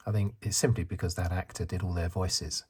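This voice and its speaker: A soft-spoken man in his fifties from the UK chats in a low, mellow voice with an extremely smooth, resonant tone. He rambles and corrects himself as he goes, in a relaxed ASMR style. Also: fairly quick. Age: 50s. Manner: rambling, self-correcting, chuckles. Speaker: ASMR channel host.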